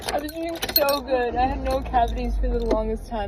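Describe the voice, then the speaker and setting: A woman's voice: on the high side, steady tone, moderate pace, hardly any pauses, background noise. A young adult woman vlogging in a casual, chatty way, dramatically complaining and using lots of "like" fillers. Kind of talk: casual vlog chat.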